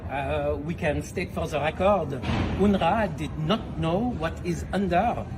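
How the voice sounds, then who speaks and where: A man's voice: fairly high pitch, unhurried, voice pushed up, natural voice. A man voicing an evasive male agency head with a put-on French accent, giving clipped official replies in a noisy clip.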